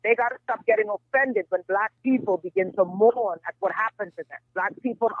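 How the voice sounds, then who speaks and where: A woman's voice: mid-range voice, brisk. A woman guest on a call-in show, speaking emphatically and repeating her phrases. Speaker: guest psychic reader. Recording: tinny phone line, dry.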